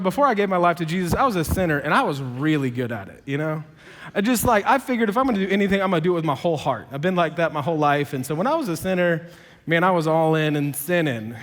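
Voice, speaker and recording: High-voiced pastor preaching with humor. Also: male voice, long reverb tail. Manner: energetic, humorous storytelling. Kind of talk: sermon. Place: church auditorium.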